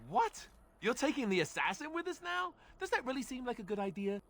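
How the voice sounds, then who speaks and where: A man's voice: extremely high pitch, very animated, creaky, fairly bright tone, full character voice. A man voicing a disbelieving male warrior companion in a video game. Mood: incredulous. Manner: disbelieving, quick.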